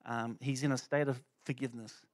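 A middle-aged lay speaker gives a church testimony in a loose, conversational way, full of fillers and restarts. His pitch is in an ordinary male range with little movement, and he talks briskly. The recording is dry, without room echo.

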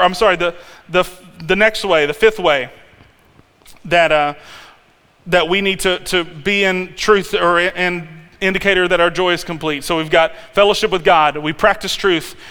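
A male pastor preaching a sermon in a conversational, animated way, with restarts and sudden loud peaks. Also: high-pitched, smooth. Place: church sanctuary. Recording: long hall reverb.

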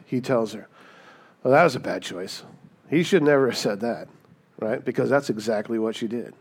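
A man preaching a sermon in a lively, conversational way, acting out the people he quotes and often asking "right?". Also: a little high, moderate pace. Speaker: pastor.

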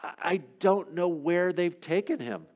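A woman's voice: fairly low pitch, measured pace, a little mellow, pitched above the performer's own voice. A man voicing a grieving woman who pleads tearfully as she searches for a missing body. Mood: distraught.

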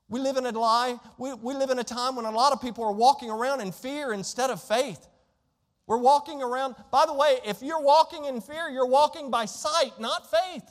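A man preaching a sermon as pastor, emphatic, reading scripture aloud in a church. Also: very high-pitched. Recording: long hall reverb.

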